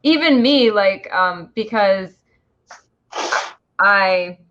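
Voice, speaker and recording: A woman's voice: medium pitch, expressive, drawn-out words, a bit bright. A woman co-hosting a podcast in casual chat, with a mild Southern accent and a hesitant, chatty manner. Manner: chatty, hesitant with fillers and laughs. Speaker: podcast co-host. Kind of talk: casual interview conversation. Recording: dull lo-fi podcast recording.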